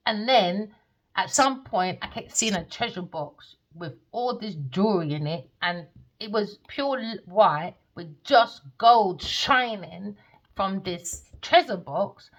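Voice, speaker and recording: A woman who reads tarot, telling dream stories in a blunt, animated way and swearing freely. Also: mid-range voice, lo-fi sound. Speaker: tarot reader. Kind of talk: casual storytelling monologue.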